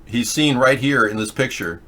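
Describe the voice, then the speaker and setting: A man's voice: mid-range voice, moderate pace, pushed and bright. An older man hosting a show, giving rambling, opinionated commentary on video clips with frequent restarts. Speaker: host.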